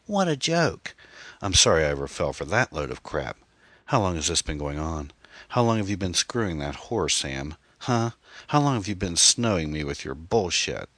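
A man voicing a bitter, angry woman on the phone, snapping and scornful, with shrill outbursts. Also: sing-song, moderate pace, bright, forceful tone, husky, no room sound, exaggerated voice. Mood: furious.

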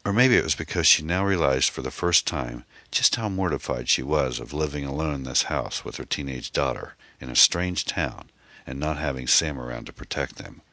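A man narrating a mystery novel in an expressive, dramatic storytelling manner. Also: very deep voice, moderate pace, no room sound. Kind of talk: audiobook narration.

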